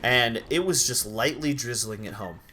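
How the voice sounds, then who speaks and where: Sleepy young guy from idaho on stream, bright voice, keeps yelling at the game between stories. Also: mid-range voice, slight background noise. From Idaho, USA. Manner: animated, rambling, quick outbursts at the game. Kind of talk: casual live-stream chat while gaming.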